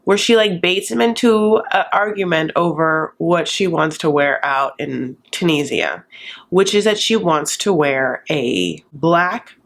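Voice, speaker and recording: Sassy woman dishing on a reality show, low-ish voice, campy asides, chatty recap vibe. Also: unhurried, vocal fry. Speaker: YouTube recap host. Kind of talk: casual TV recap commentary.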